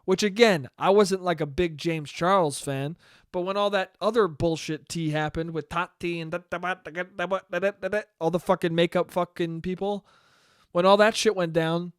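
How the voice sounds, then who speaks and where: A man's voice: high-pitched, fairly even intonation, normal speed, clean tone, no room sound, clean studio sound. A man hosting his own solo podcast, talking casually in a rambling, profane, self-deprecating way. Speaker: podcast host.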